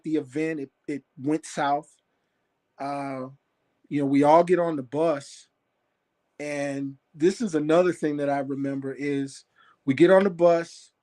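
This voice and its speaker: A man with a fairly high voice recounts a memory on a call, rambling, full of fillers and restarts. He talks plainly and casually. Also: darkish tone. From Phoenix area. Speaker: caller sharing a sighting. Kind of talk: casual storytelling. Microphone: phone on a call.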